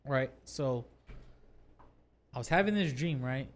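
A man's voice: medium pitch, slow pace. A man hosting a casual podcast at his house, telling ghost stories and swearing freely. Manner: swears freely, animated storytelling. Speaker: podcast host. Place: his own two-story house.

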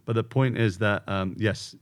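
A man's voice: on the low side, moderate pace. A man hosting a casual conversation, a yoga retreat leader, talking in a loose, searching way with lots of restarts.

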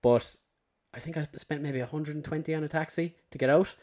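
Swearing man telling a story. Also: brisk. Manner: animated, swearing, acts out his own past remarks in a low mutter. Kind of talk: casual storytelling chat.

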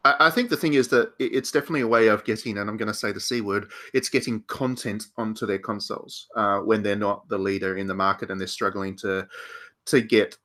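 A man on a casual podcast panel with a lowish voice that rings bright and forceful. He rambles thoughtfully and restarts his sentences often. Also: fairly even intonation, a little fast.

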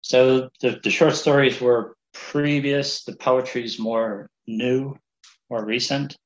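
A man's voice: mid-range voice, steady tone, slow, muffled recording. A man from New Jersey, a writer guest on a radio interview, chatting in a friendly, easygoing way. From New Jersey, United States. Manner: friendly and chatty, laughs easily.

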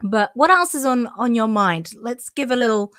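A woman's voice: fairly high pitch, expressive, normal speed, a bit bright, no echo, studio quality. A woman co-hosting a podcast in casual chat, hesitant with many restarts and frequent laughter. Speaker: podcast co-host.

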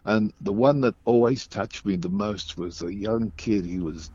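A man from Australia telling anecdotes casually as a guest, animated and acting out the voices of people in his stories. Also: fairly low pitch, unhurried, breathy edge, no room sound, dull audio. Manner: animated storytelling, acts out voices. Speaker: guest storyteller.

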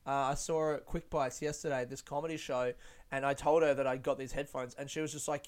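A man's voice: medium pitch, steady tone, fast. A young man hosting a casual solo podcast, rambling, swearing and poking fun at himself. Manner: rambling, sweary and self-mocking. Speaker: podcast host.

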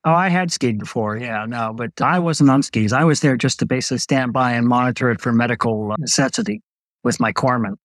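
An older man, a retired Navy doctor, telling stories as a guest in an interview, relaxed and anecdotal. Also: mid-range voice, brisk, dry recording, low-quality recording. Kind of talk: storytelling in an interview.

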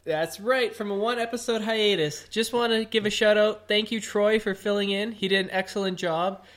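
A man's voice: sits high, fairly even intonation, normal speed, a bit bright. A man co-hosting a casual podcast, enthusiastic and jokey. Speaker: podcast co-host. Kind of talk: casual chat.

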